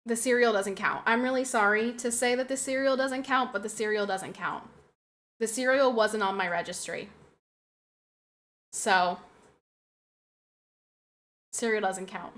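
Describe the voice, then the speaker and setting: A woman's voice: on the high side, measured pace, long pauses, a bit bright. A young woman streaming and chatting casually with her live audience. She talks emotionally, repeats her phrases, laughs often and answers her chat aloud.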